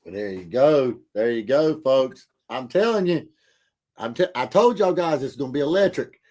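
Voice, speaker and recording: A man's voice: mid-range voice, animated, moderate pace, warm tone. A man hosting a wrestling podcast, talking in a hyped, loose way full of "uh" and "you know", reading out viewer comments. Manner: hyped, filler-heavy, reads out viewer comments. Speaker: podcast host. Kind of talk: casual podcast chat.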